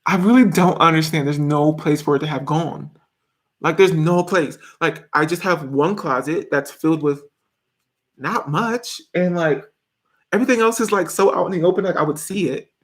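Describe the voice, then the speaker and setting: A man's voice: fairly high pitch, normal speed. A man hosting a casual live stream, answering viewers' questions in a jokey, rambling way and laughing often. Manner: chatty and rambling. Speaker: video host.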